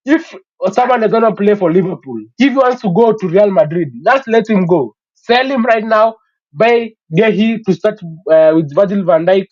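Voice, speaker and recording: High-voiced man, dull dry lo-fi sound. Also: normal speed, darkish tone, no echo. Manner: emphatic, opinionated, frequent "you know" fillers. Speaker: sports talk stream host. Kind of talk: casual football chat.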